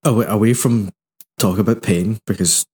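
A man's voice: lowish voice, normal speed, a little mellow, slightly rough. A young man from England co-hosting a podcast, laid-back, laughing often as he steers the chat. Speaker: podcast co-host. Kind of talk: casual chat.

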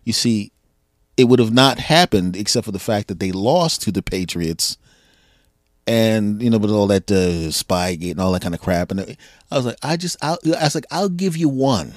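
A man guest on a podcast, telling stories in casual sports banter, animated and full of restarts. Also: lowish voice, moderate pace, no echo, studio quality. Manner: animated storyteller, frequent restarts, laughs at own jokes.

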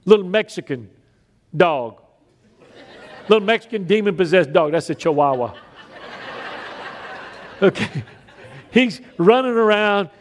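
A man preaching a sermon, telling stories with big swings between loud raised lines and quiet emphatic drops. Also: sits high, lively intonation, a little slow, pauses often, a little hiss or hum. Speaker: pastor.

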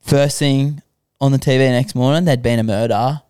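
Australian young man, podcast guest, lively storyteller, smooth voice, dry close sound. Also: mid-range voice, normal speed, no echo. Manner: animated storyteller, acts out quoted people, laughs often. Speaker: podcast guest, extreme sports athlete. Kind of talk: casual storytelling chat.

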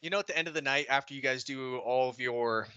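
A young man co-hosting a podcast, animated and profane as he tells army stories with laughs. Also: mid-range voice, fast talker, clean tone, no room sound, lo-fi sound. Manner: animated storyteller, swears freely, laughs while talking. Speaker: podcast co-host. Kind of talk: casual chat, swapping army stories.

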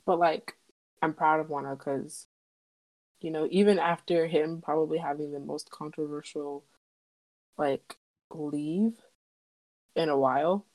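Low-voiced young woman, rambling chat. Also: steady tone, measured pace, pauses often, a little mellow. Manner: rambling, lots of fillers, emphatic quotes. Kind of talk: casual fan chat.

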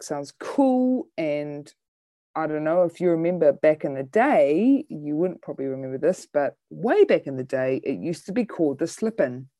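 A woman's voice: sits low, dark tone, no echo, clean studio sound. A woman comedian chatting casually, telling a rambling story about a show she hosted. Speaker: comedian and bingo host. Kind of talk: casual chat.

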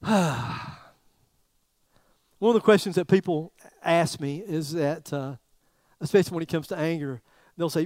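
A middle-aged man preaching a sermon as pastor, in a chatty, joking way with pauses and repeated phrases. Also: a little high, mellow, dry recording.

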